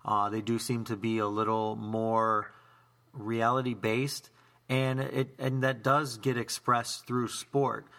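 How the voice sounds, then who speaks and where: A man's voice: medium pitch, flat delivery, takes it slowly, gravelly, sharp tone. A man hosting a casual talk show, asking direct questions and giving firm opinions. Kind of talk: casual chat.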